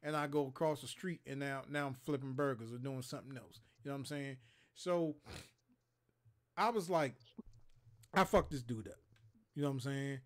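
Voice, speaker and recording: A man's voice: medium pitch, moderate pace, pauses often. A man in his thirties from Maryland telling profane stories on a casual gaming livestream, acting out the other people's lines as he goes. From Maryland, USA. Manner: profane, animated storyteller who acts out other people's lines. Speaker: co-host of a gaming talk show.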